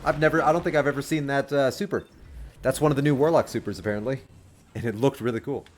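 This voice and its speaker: A man streaming a video game, chatting casually with lots of fillers and sudden excited outbursts. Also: mid-range voice, quick pace. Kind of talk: casual livestream commentary. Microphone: desk microphone.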